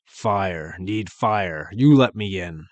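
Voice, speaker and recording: A man voicing a brutish, desperate male ogre who bellows slow, broken demands. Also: sits low, animated, dry recording, highs cut off. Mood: demanding.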